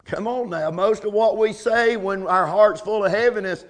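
A man's voice: high-pitched, normal speed. A man preaching a sermon, calling out amen and come on now between points.

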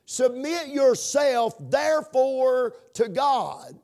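Male pastor, very high voice, fervent sermon delivery with shouted peaks. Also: lively intonation, drawn-out words. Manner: impassioned preaching that swings to shouts; repeats words and hesitates with fillers.

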